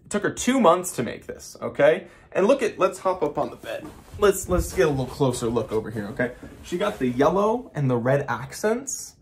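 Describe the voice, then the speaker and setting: A man giving a casual vlog tour of a hotel suite, rambling with sarcastic jokes and deadpan asides. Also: on the high side, normal speed, slight background noise. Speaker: vlogger.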